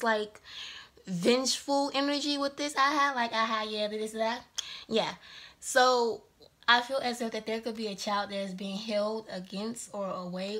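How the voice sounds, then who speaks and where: A woman's voice: mid-range voice, a bit bright. Casual female tarot reader, chatty and rambling, a little breathless. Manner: chatty and rambling, laughs often. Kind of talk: casual tarot reading monologue.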